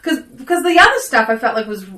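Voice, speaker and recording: A woman's voice: a little high, very animated, quick pace, bright, forceful tone. A woman co-hosting a podcast in a casual chat about a film, talking in loose, chatty bursts. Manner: chatty, full of restarts and fillers. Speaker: podcast co-host. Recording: echoey room.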